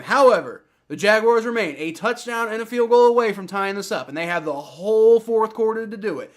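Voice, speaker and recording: A man giving excitable live play-by-play reactions to a football game, swearing and repeating himself often. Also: a little high.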